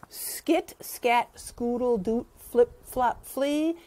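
A woman teacher reads a picture book aloud to children, stopping to ask them questions. Her slightly high voice swings widely in a sing-song way, and she takes her time with each line. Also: slow. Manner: animated, sing-song, asks the listeners questions.

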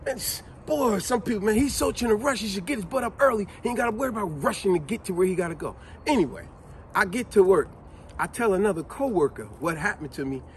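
Animated man telling a lively story. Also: high-pitched, fast talker, a little hiss or hum. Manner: lively, acts out quotes, laughs at himself.

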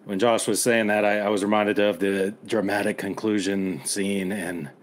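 A man's voice: fairly low pitch, fairly even intonation, moderate pace, slight background noise. A middle-aged man, a podcast co-host, speaking in angry, blunt, impassioned commentary and swearing as he rallies listeners.

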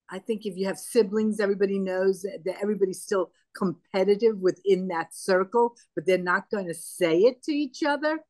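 A woman's voice: medium pitch, darkish tone, no room sound. An older woman as an interview guest, retelling past events in a conversational, anecdotal way and acting out the dialogue. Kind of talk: conversational storytelling.

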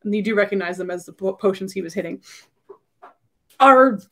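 A woman's voice: medium pitch, brisk, pushed and bright. A woman voicing a frightened, remorseful man freed from mind control, who stammers out apologies. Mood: panicked.

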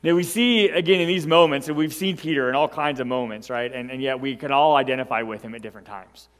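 A man preaching a sermon as pastor, emphatic and animated, who keeps checking in with the congregation by asking "right?". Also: medium pitch, fast talker, big-room sound. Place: church sanctuary.

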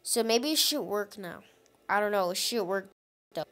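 Speaking at a normal speed in a mid-range voice, a gaming channel host delivers excited let's-play commentary, addressing her viewers directly with frequent exclamations.

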